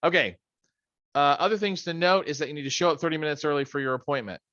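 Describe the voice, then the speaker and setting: A man's voice: a little high, fast talker, pushed and bright, no echo, lo-fi sound. A middle-aged man leading a study session on a video call from his home office, in a casual, rambling way with joking asides. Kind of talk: casual training talk.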